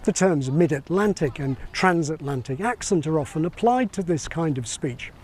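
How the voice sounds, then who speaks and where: A man giving scripted educational narration, measured and explanatory with a light ironic edge. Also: on the high side, lively intonation, a little mellow, breathy edge. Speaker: video essayist on accents.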